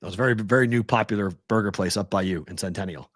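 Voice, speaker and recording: A man's voice: fairly low pitch, rapid-fire, no room sound, studio quality. A man hosting a podcast in casual chat, rambling and often repeating his words. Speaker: podcast host.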